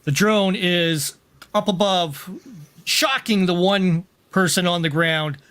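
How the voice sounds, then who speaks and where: High-voiced, unhurried man running a tabletop game. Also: a bit bright, smooth. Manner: loose, halting narration with acted cries. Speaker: game master.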